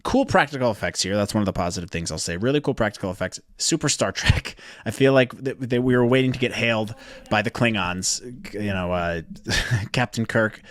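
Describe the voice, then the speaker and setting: A man's voice: fairly low pitch, lively intonation, a little fast, fairly bright tone, dry recording. A man co-hosting a podcast, recapping an episode in casual, rambling, jokey chat. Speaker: podcast co-host.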